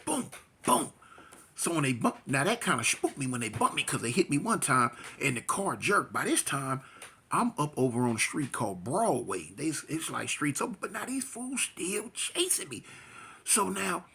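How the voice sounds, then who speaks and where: A man telling a tense street story casually, animated and slangy, acting out the sounds himself. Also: fairly high pitch, normal speed, creaky, slightly rough.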